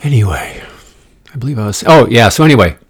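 In a condominium room, a man hosting his own podcast delivers a rambling comedic monologue in a gravelly, medium-pitched voice. He speaks fast and expressively, profane and digressive, with playful asides and the odd whispered joke.

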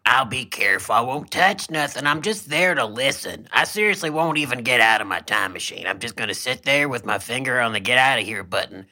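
A man's voice: mid-range voice, brisk, hardly any pauses. A man co-hosting a podcast, chatting in a playful, goofy way. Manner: playful, goofy, lively banter. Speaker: podcast co-host. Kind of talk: casual comedic chat.

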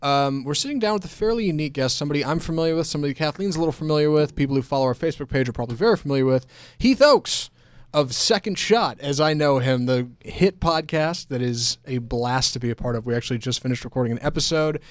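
A man's voice: a little high, quick pace, no room sound. A man hosting a casual podcast, easygoing and joking as he asks questions into a studio mic. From Houston area, Texas. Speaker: podcast host. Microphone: studio microphone with headphones.

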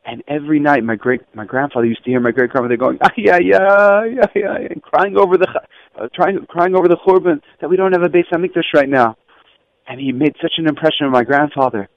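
A man teaching schoolchildren through stories, lively and acting out the voices of people in them. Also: fast, no room sound. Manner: animated, acts out quoted voices with raised pitch. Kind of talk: storytelling lesson. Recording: dull lo-fi, dry.

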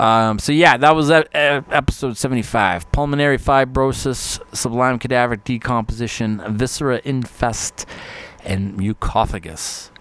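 A man's voice: lowish voice, moderate pace, a bit bright. A man hosting a podcast, rambling casually in a monologue, swearing constantly and laughing often. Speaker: podcast host.

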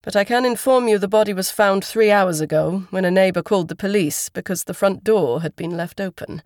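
A woman voicing a polite, formal male police constable who speaks in measured official phrases. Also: medium pitch, darkish tone, no room sound, studio quality, lightly acted.

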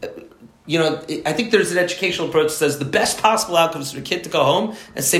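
A man's voice: fairly high pitch, fast talker, fairly bright tone. A man teaching a study group in an informal lecture, rambling and emphatic, often restarting his sentences. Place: indoor room with a group. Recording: echoey room.

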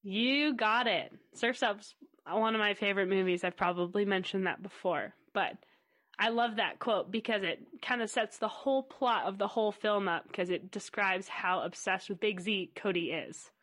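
A woman's voice: mid-range voice, normal speed, fairly bright tone. A woman hosting a casual podcast, upbeat and steering the conversation. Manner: upbeat, guiding. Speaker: podcast host.

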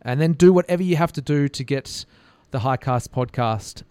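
A man's voice: medium pitch, normal speed, dark tone, smooth, dry recording. A man hosting a podcast from a radio studio on a studio mic, joking and poking fun at himself in casual chat. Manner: joking and self-mocking. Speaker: podcast host.

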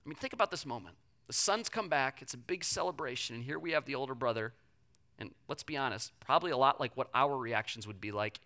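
A preacher gives a sermon in a bright, forward voice, talking straight to the listeners. The delivery is dramatic, rising to loud emphasis and then dropping soft and slow. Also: mid-range voice, lively intonation. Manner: addresses listeners directly.

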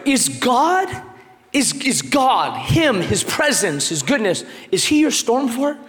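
A very high-pitched man preaching in a big, echoey hall. His voice leaps and swoops as he jokes and then drives his points home with sudden shouts. The long reverb trails after each line. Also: slow. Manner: animated, jokey, emphatic preaching with sudden shouts. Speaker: pastor. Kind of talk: sermon.

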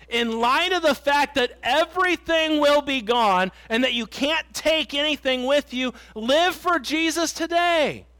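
A man's voice: extremely high pitch, sharp tone, no room sound. A middle-aged man preaching a sermon in a church, earnest and emphatic, telling stories and repeating his points. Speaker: pastor. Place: church sanctuary.

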